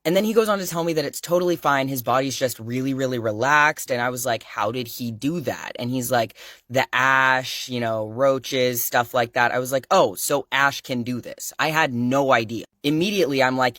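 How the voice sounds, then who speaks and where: A man's voice: medium pitch, moderate pace, no echo, studio quality. Rambling young man telling a story. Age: young adult. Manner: rambling, heavy use of "like", excitable retelling. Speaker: pet owner telling a story. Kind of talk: casual storytime to camera.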